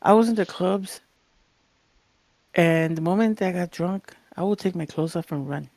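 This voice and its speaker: A young woman co-hosting a podcast, telling stories in a lively, animated way and acting out the voices of the people in them. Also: on the low side, moderate pace, no room sound. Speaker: podcast co-host. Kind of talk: casual chat, storytelling.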